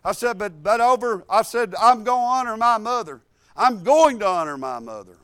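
A male preacher, delivering a sermon with repeated emphatic phrases and quiet, confiding asides. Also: high voice, animated, moderate pace, dry recording.

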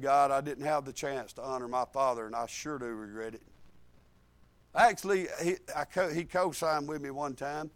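A male preacher, delivering a sermon with repeated emphatic phrases and quiet, confiding asides. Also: a little high, dry recording.

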